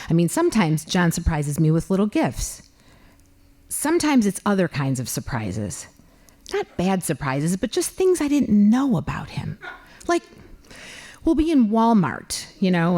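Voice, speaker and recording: A woman in her fifties telling a comic personal story to an audience, animated and full of disbelief. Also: lowish voice, moderate pace. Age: 50s.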